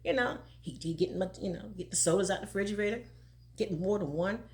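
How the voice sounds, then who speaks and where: A woman's voice: medium pitch, fast talker. An older woman telling a story in casual talk, laughing often as she goes. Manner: animated, laughing often, country dialect.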